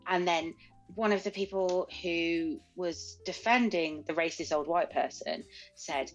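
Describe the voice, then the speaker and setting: A woman's voice: lowish voice, unhurried, soft background music, poor audio. A young woman with a Birmingham accent chatting casually as a podcast co-host, telling stories and acting out quotes. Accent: Birmingham English. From England. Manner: animated, laughs often, acts out quotes. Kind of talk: casual chat.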